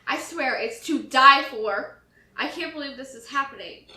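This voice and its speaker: A woman's voice: high-pitched, normal speed, sharp tone, far from the mic. A woman voicing a shocked, wealthy widow who talks in a gushing way. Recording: roomy echo.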